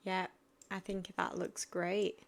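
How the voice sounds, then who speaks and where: A woman's voice: lowish voice, level tone, slow, creaky. Chatty woman narrating a game build. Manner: chatty, thinking aloud while building. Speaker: gaming channel host. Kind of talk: casual game build commentary.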